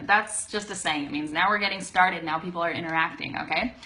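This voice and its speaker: A woman teaching an English pronunciation lesson on a live stream, chatty and upbeat, greeting viewers and slowly modeling words to repeat. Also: lowish voice, pushed and bright. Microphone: webcam close-up.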